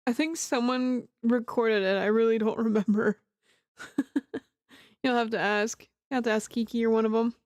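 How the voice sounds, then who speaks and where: Giggly high-voiced woman streamer. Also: fairly even intonation, moderate pace, a little mellow, no room sound, studio quality. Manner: giggly, chatty. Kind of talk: casual let's play commentary.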